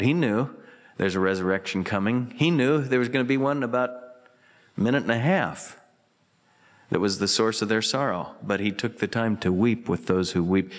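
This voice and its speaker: A man preaching a radio sermon as pastor, earnest, swinging between emphatic lines and hushed, tender ones. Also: fairly low pitch, long reverb tail. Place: church sanctuary.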